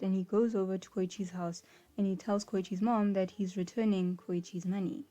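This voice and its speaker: A young woman casually talking through an anime storyline, lively and chatty, often dropping "like" and "right?". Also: mid-range voice, moderate pace. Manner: animated, acts out quoted characters, frequent "like" and "right?". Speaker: anime video essayist. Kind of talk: casual commentary.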